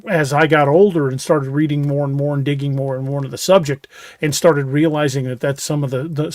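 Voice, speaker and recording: A man's voice: fairly high pitch, no room sound. Folksy man with dry close sound. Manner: folksy storyteller, stammers on restarts. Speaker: podcast co-host. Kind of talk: casual chat.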